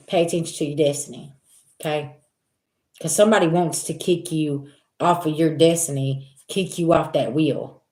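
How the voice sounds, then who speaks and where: A woman with a lowish voice and a Black hosts a spiritual livestream from home. She talks straight to her viewers, animated and direct, and keeps coming back to "listen" and "okay". The sound is roomy and echoey. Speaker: spiritual reader. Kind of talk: casual livestream chat.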